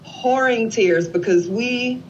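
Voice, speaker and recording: A woman's voice: fairly high pitch, takes it slowly, a little hiss or hum. A woman in her forties, a guest in an interview, telling an emotional family story and acting out the dialogue of the people in it. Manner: animated storyteller who acts out quoted dialogue. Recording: slightly dull lo-fi recording.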